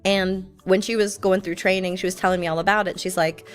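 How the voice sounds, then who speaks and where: A woman's voice: mid-range voice, steady tone, fairly quick, hardly any pauses, soft background music. A woman streamer telling anecdotes in a casual, chatty way. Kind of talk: casual storytelling chat.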